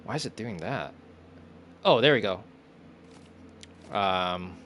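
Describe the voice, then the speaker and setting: Young male streamer, low-pitched, talks to himself while playing, confused and cursing, faint hiss behind. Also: expressive, slow, a bit bright. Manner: muttering to himself, confused and swearing. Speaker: gameplay streamer. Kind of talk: casual gameplay commentary.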